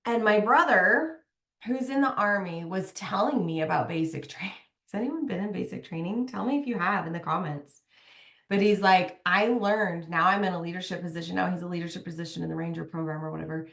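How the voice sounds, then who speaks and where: A woman's voice: on the low side, a little fast, vocal fry, fairly bright tone. A young woman talking candidly to other mothers in a motivational talk, chatty and emphatic, often saying "like". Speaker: mom coach, podcast host. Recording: echoey room.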